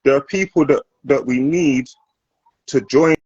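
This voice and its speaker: A man with a husky, grainy voice leads a casual conversation, pressing his questions earnestly and with emphasis. The sound is dull and lo-fi, with a dry, close feel and no room echo. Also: medium pitch, measured pace, darkish tone. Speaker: host. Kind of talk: casual discussion.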